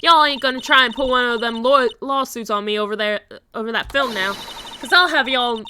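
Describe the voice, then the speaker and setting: A woman voicing a brash southern woman photographer in a put-on drawl, talking loud and folksy. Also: fairly high pitch, moderate pace, noisy background, close to an everyday voice. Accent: put-on American Southern drawl.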